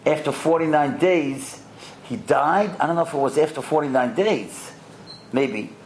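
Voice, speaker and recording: A man teaching a lesson to boys and adults, telling stories with lively acted-out quotes and asking the listeners questions. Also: fairly high pitch, a little slow, a little hiss or hum. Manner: lively, acts out the quoted characters, quizzes the listeners. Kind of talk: animated storytelling lesson with questions to the audience.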